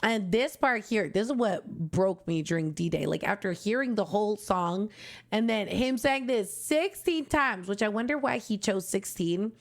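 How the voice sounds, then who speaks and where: A young woman from Canada speaks in an open, casual way as she reacts to music on her channel. Her voice is mid-pitched and heartfelt, and she gushes with feeling that rises to the edge of tears. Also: animated, measured pace. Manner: heartfelt, gushing, tearful at times. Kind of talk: emotional casual reaction commentary.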